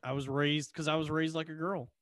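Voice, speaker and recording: Goofy self-mocking man, high voice. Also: flat delivery, fairly quick, a bit bright, no room sound, clean studio sound. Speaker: podcast co-host. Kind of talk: casual chat. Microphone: video call.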